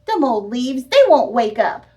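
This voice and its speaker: A woman voicing a bossy, bullying female capybara in a storybook, shouting and huffy. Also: a little high, sing-song, unhurried, distant mic.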